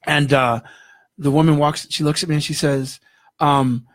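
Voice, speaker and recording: A man, a guest in an interview, telling a story in an animated way and acting out the voices in it. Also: fairly high pitch, normal speed, no room sound, clean studio sound. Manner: animated, acts out dialogue in the story.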